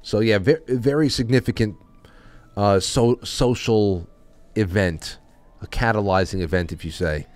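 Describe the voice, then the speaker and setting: A man's voice: lowish voice, unhurried. A man hosting a podcast, talking in a loose, rambling way with many restarts. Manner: rambling, with frequent restarts and trailing off. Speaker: podcast host. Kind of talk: casual chat.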